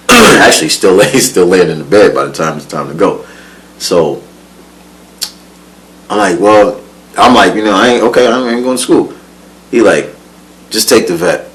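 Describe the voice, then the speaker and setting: Animated low-voiced man telling a story. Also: moderate pace, pauses often, rough recording. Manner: animated, profane, laughs often, mimics voices in quotes. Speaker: guest telling his life story. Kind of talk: casual storytelling.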